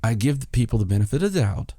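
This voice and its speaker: A man's voice: medium pitch, big pitch swings, rapid-fire, mellow, no echo, clean studio sound. A man hosting a podcast, casually telling a story and acting out both sides of an argument. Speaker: podcast host.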